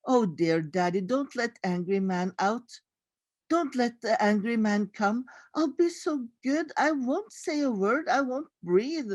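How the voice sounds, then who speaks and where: A woman voicing a frightened little boy who pleads quietly with his father, in a storybook reading. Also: mid-range voice, measured pace, natural voice. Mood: pleading, scared. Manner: pleading, hushed.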